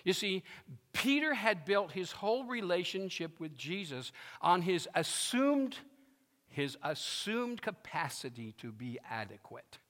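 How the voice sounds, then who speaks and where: A man's voice: high voice, very animated, unhurried, fairly bright tone. A male pastor preaching a sermon, emphatic and fond of repeating his phrases, with a long reverb from a large hall.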